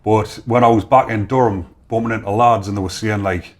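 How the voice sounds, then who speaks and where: A podcast guest from North East England, with that region's accent, tells stories in casual chat and acts out the voices he quotes. His voice is lowish and steady, and his pace is brisk.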